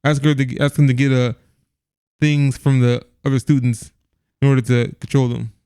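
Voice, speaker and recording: A man's voice: medium pitch, fairly even intonation, moderate pace, warm tone, smooth, dry recording, clean studio sound. A man co-hosting a casual movie review podcast, rambling with lots of restarts and laughs. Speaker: podcast co-host.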